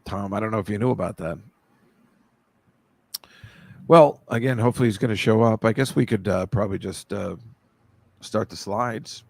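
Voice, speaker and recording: A man hosting a casual talk show, rambling and halting with lots of fillers. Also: lowish voice, vocal fry, a little mellow, no echo. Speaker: podcast host. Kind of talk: casual chat.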